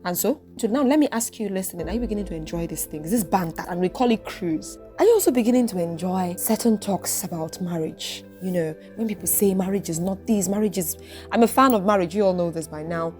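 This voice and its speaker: A woman hosting her own podcast, talking straight to listeners in an outspoken, expressive, preaching way. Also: mid-range voice, fairly quick, soft background music. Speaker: podcast host. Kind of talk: reflective solo podcast monologue.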